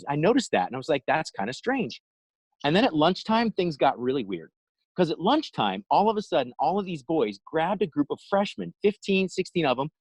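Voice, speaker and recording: Male motivational speaker on a video call, somewhat high voice, dry and close, lively storyteller. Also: no echo, rough recording. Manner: animated, acts out quotes. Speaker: inspirational speaker.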